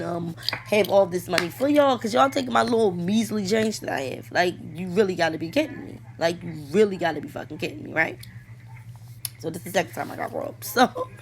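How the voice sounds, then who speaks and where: A woman's voice: medium pitch, slight background noise. A woman, vlogging a casual storytime while trying on lipstick, telling it animatedly with lots of fillers and swearing. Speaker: beauty and coupon vlogger.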